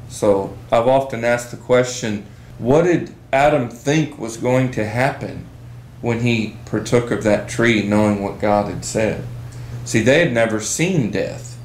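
A man teaching a Bible study session, reading scripture aloud slowly and with emphasis. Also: medium pitch, reverberant, a little hiss or hum, low-quality recording.

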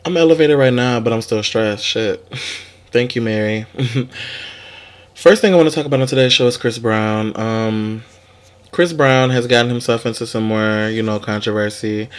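A man's voice: medium pitch, moderate pace. Young male vlog host, sassy, profane gossip talk, mid-range voice. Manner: sassy, profane, animated commentary. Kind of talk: casual celebrity gossip vlog.

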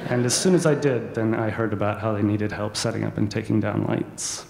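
Gravelly low-voiced man in echoey hall. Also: steady tone, brisk, hardly any pauses, darkish tone. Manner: earnest, self-deprecating. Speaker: assembly speaker. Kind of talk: personal testimony talk. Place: large hall.

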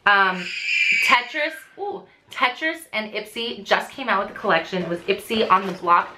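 A woman in her thirties chatting through a casual unboxing vlog, gushing and excitable, gasping often. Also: mid-range voice, normal speed, a little hiss or hum. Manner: gushing, excitable, frequent gasps. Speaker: beauty vlogger.

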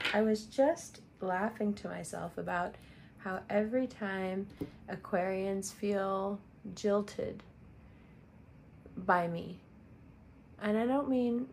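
A woman reading tarot for her audience in a loose, conversational way. She talks directly and repeats key phrases to drive a point home. Her voice sits at a middle pitch, with a faint hum of noise behind it. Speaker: tarot reader. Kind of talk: casual astrology reading.

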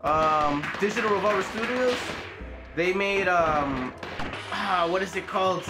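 A gamer giving casual, excitable commentary while playing, joking around and swearing freely. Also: medium pitch, unhurried. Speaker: let's play gamer. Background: game music.

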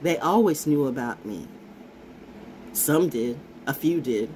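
A woman's voice: rumbling low, expressive, takes it slowly, a little mellow, a little hiss or hum. A woman vlogger talking in a brash, profane, rambling monologue that keeps circling back and repeating its phrases. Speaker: vlogger and self-styled oracle.

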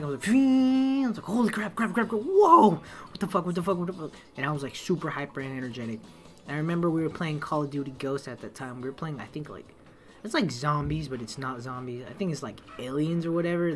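A young man telling a casual story, swearing often and acting out quotes loudly. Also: a little high. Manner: animated, swearing, acts out quotes in raised voice.

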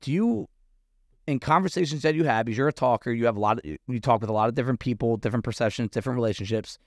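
A man's voice: mid-range voice, very fast, no room sound, studio quality. A man co-hosting a fitness podcast, talking casually in a rambling, self-questioning way with frequent fillers. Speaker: podcast co-host, fitness coach.

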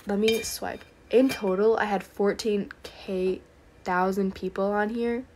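Her voice sits in the middle range with a darkish tone. Tired but hurried, this young woman tells earnest faith stories in a breathless rush during a late-night livestream, a casual testimony broken up by whispered prayers.

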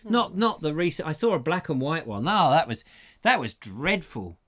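A man's voice: fairly high pitch, very animated, normal speed, a bit bright. A middle-aged man hosting a live online show, chatting casually in a jokey, rambling way and reading viewer comments aloud. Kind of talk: casual live-stream chat.

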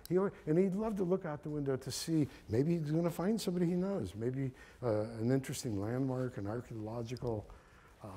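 An older man from Kazakhstan, an author telling his family's story and reading from his book in an animated way. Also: fairly high pitch. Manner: animated storyteller, thinks aloud with restarts.

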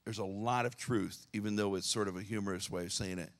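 A man's voice: fairly low pitch, steady tone, quick pace. A male pastor giving a casual, joking sermon to his church, with many restarts. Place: church sanctuary.

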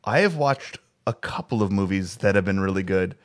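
A man's voice: deep voice, lively intonation, moderate pace. A man co-hosting a casual pop culture chat over a video call, rambling and restarting his sentences. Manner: rambling, full of restarts and fillers. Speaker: co-host.

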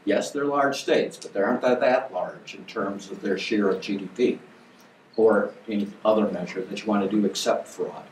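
An older man giving an academic lecture as a guest lecturer, emphatic and wry, with lively bursts of stress on key words. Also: lowish voice, moderate pace, slight background noise. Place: lecture hall. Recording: echoey hall from far off.

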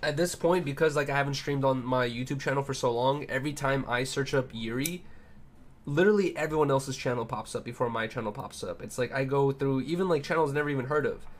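A man's voice: mid-range voice, fast talker. A man streamer talking casually in a rambling way, full of fillers. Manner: rambling, filler-heavy, says bro.

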